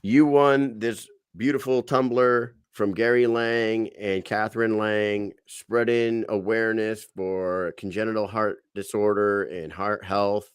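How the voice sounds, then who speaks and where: A low-pitched man co-hosting a casual podcast, spinning an animated story and swearing freely. He slips into quick impressions of the people he quotes. The sound is close and dry, with no room around it. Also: smooth, no room sound. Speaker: podcast co-host. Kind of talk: casual chat.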